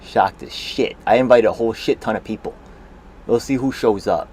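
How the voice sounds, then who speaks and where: A man's voice: fairly low pitch, moderate pace, a little mellow, a little hiss or hum. A man giving profane, sarcastic running commentary on a livestream, scoffing at what he watches. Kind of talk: profane running commentary over a video call.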